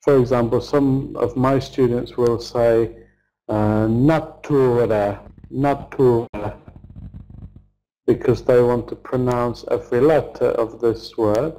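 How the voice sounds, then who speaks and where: A middle-aged man teaches English pronunciation, modelling each word slowly and clearly so learners can repeat it. His voice is mellow and relaxed, and he takes his time over every syllable. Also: mid-range voice, poor audio. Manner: slow, deliberate, modelling words for repetition. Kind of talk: pronunciation lesson, slow drills.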